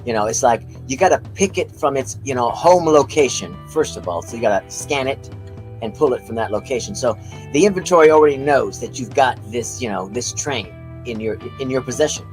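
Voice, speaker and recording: A man's voice: mid-range voice, fairly quick, soft background music, poor audio. Rambling man telling a story. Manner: rambling, animated storytelling with lots of fillers. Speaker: co-host. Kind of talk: casual livestream chat.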